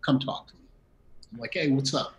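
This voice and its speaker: Animated middle-aged man telling a story. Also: medium pitch, a little fast, poor audio. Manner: animated, acts out quoted dialogue with laughs. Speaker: interview guest. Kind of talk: personal storytelling in conversation.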